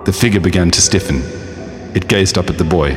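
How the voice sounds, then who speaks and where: A man narrating a story in a measured, even storytelling manner. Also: sits low. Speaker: audiobook narrator. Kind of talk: scripted narration. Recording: reverberant audiobook with faint music.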